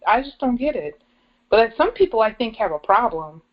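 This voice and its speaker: Blunt woman with lively pitch swings. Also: moderate pace. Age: 30s. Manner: blunt, profane, laughing often. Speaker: podcast co-host. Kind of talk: casual chat. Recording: muffled lo-fi podcast recording.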